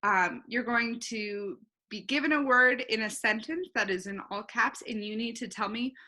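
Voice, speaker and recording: A woman teacher giving a recorded online phonics lesson, talking slowly and clearly and saying each word twice. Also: on the high side, pushed and bright.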